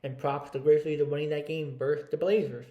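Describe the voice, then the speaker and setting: Male sports podcast co-host, slightly high voice, rambling casual delivery, roomy echo. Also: flat delivery, brisk, warm tone, muffled recording. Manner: rambling, many "uh" fillers, checks stats live.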